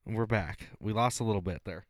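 A man's voice: fairly low pitch, a little fast, no echo. A man co-hosting a casual beer-tasting podcast, swearing and joking as he tells stories. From Nebraska, USA. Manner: profane, joking, animated storytelling. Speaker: podcast co-host.

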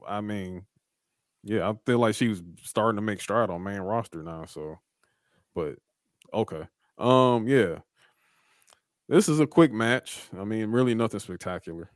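A man's voice: on the low side, expressive, measured pace, pauses often, no echo, studio quality. A man co-hosting a podcast, talking casually and swearing freely, acting out wrestlers' lines as he recaps the show. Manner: laid-back, swears freely, acts out quoted wrestlers. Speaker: podcast co-host.

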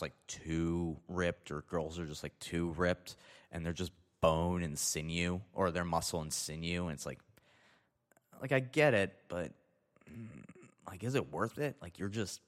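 Young dude rambling thru a funny story, cussing, deep voice, long echo on it. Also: male voice, moderate pace. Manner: rambling, profane, self-interrupting. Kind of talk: casual comedic anecdote. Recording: long reverb.

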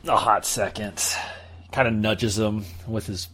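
Guy playing a tabletop rpg, slow and kinda low, low-key. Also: steady tone, fairly bright tone, slight background noise. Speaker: player. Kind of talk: playing a tabletop game in character.

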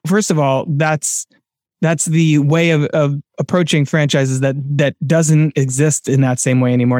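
A man co-hosting a casual film podcast, talking in an animated way with many restarts and sudden bursts of excitement. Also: mid-range voice, vocal fry, dry recording, studio quality. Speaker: podcast co-host.

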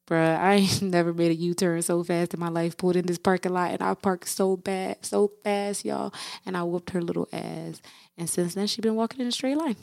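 A young woman with a lowish voice hosts a podcast, telling a story in a casual, candid monologue full of swearing. She talks straight to her listeners as "y'all". The sound is close and dry, with no room echo. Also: moderate pace, creaky, darkish tone. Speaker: podcast host.

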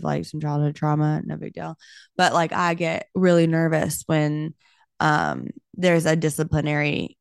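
A young woman, a realtor hosting her own podcast, telling a story in an animated, casual way and saying "like" a lot. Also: deep voice, gravelly, clear, resonant tone, no room sound, studio quality. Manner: animated, talks with her hands, heavy use of "like".

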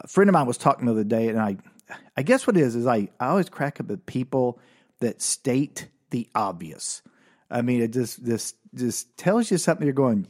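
A man talks through a casual comedic monologue in a loose, rambling way, restarting his sentences often. He pokes fun at himself, and his voice swings widely in pitch. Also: darkish tone. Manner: rambling, self-deprecating, many restarts. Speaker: podcast host.

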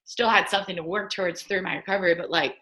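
A woman in her twenties, a guest, telling a story casually and in an animated way, acting out quotes. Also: quick pace. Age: 20s. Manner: animated, acts out quotes in a higher voice. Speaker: guest, drafted athlete.

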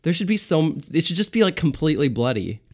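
A man's voice: a little high, big pitch swings, fast talker. Male co-host, wisecracking, throws in dry jokes. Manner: wisecracking, dry one-liners. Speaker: podcast co-host. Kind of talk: casual podcast banter.

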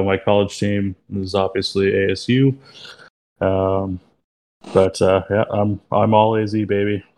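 A young man with a low, flat voice co-hosts a casual podcast. He talks in a laid-back, easygoing way and leans on lots of filler words. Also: creaky. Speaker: podcast co-host.

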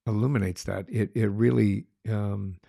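A middle-aged man with a low, gravelly voice co-hosts a casual film review chat. He talks earnestly and keeps restarting his phrases. The sound is dry and close, with no room around it. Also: fairly even intonation, moderate pace, mellow, no echo.

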